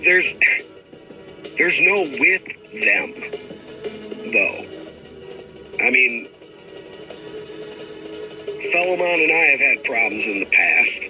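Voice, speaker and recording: A man's voice: mid-range voice, sing-song, slow pace, pauses often, sharp tone. A middle-aged man hosting a livestream, talking in a frustrated, rambling, profane way. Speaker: livestream host. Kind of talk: casual livestream rant. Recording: dull lo-fi stream audio with music.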